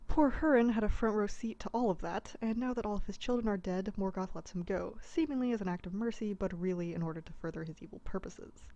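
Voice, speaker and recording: A woman's voice: medium pitch, fast, hardly any pauses, mellow, highs cut off. A woman narrating a comedic abridged retelling in a casual, irreverent way.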